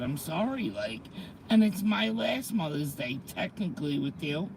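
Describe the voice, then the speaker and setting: A woman's voice: low voice, very animated, normal speed, background noise. A middle-aged woman, chatting emotionally to her viewers in a rambling way, close to tears. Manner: rambling, emotional, talks to commenters. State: tearful. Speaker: vlogger. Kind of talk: casual chat to viewers.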